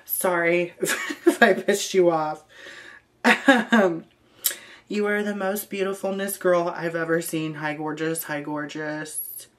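A woman with a low-pitched voice and an unhurried pace reads messages aloud in a casual vlog. She answers them with dry, amused asides, breaking off into ums and quiet laughs. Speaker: vlogger.

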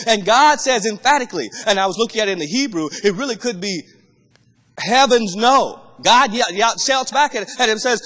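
A man preaching a sermon as pastor, impassioned and rising to shouts. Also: very high voice, expressive, fairly quick, in a large hall.

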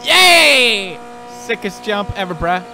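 A young man in his twenties giving loud, goofy, swearing commentary while he plays a game. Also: fairly high pitch, expressive, measured pace, gravelly, slight background noise. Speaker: gaming video host. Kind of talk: gameplay commentary. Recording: game music in the background.

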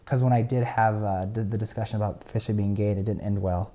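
Young guy on a podcast, warm mellow voice, chatty storytelling, lots of ums and restarts. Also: on the low side, fast. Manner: chatty, animated storyteller with many fillers. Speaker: podcast guest. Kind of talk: casual storytelling.

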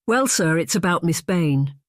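A narrator voicing a worried, deferential household maid who speaks in a hushed, hesitant way. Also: female voice, fairly low pitch, lively intonation, normal speed, no room sound, studio quality, lightly acted.

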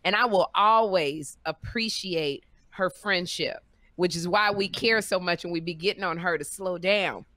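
Woman, podcast host, bright tone, dry close sound, animated storytelling. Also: fairly low pitch, normal speed, dry recording. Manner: animated storyteller, acts out quotes. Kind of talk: casual chat, storytelling.

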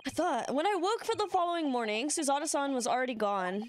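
A woman's voice: sits high, expressive, fast talker, slight background noise, voice pushed up. A woman voicing an earnest young male lawyer, reading game dialogue aloud.

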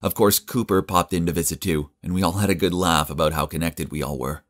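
A man telling a dramatic first-person story with a very deep voice. His delivery is conversational, shifting between musing and exclamation. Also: fairly even intonation, brisk. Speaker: narrator.

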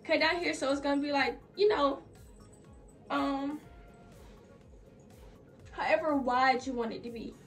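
Breathless, chatty young woman, high voice. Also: steady tone, a little slow, pauses often. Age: young adult. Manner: chatty, filler-heavy, lots of like and y'all. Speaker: fashion vlogger. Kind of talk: casual DIY tutorial. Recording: from a distance off the mic, faint music behind.

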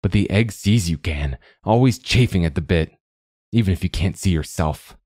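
A man with a low voice reading the part of a squat, lumbering young monk who bullies with sneering, muttered scorn. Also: lively intonation, normal speed, a little mellow, no echo, studio quality. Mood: scornful.

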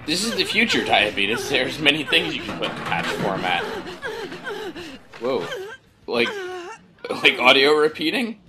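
A man's voice: medium pitch, very animated, a little slow, pauses often. A man giving sarcastic, joking commentary over an old game. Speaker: let's play commentator. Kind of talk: comedic riffing commentary. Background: game music.

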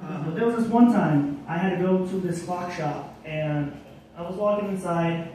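Halting young comic in an echoey bar. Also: male voice, high voice, mellow. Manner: halting, full of ums, self-deprecating. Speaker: open mic comedian. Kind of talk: stand-up comedy. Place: bar stage at open mic night. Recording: echoey room, far from mic, faint noise.

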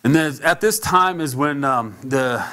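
A man preaching a sermon as pastor, telling stories in a conversational way, sometimes stumbling and repeating words, and leaping much higher in pitch when he acts out quotes. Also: expressive, a little slow, pushed and bright.

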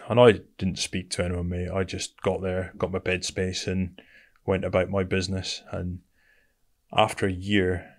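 A middle-aged man with a British accent speaks in a low, gravelly voice. He tells his story bluntly and casually, like a chat with a friend, and keeps calling the listener "mate". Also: level tone, moderate pace. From Britain. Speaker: guest, military veteran.

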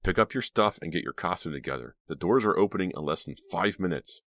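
A man's voice: low-pitched, animated, fast talker, fairly bright tone, dry recording, studio quality. A man doing a curt, scolding store manager. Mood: angry. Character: stern middle-aged male store manager.

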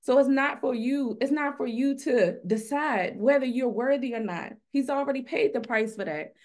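A woman's voice: sits high, normal speed, a little mellow. A woman on a faith panel, speaking earnestly and building her point through repeated rhetorical questions. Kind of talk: faith-based panel talk. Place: event stage.

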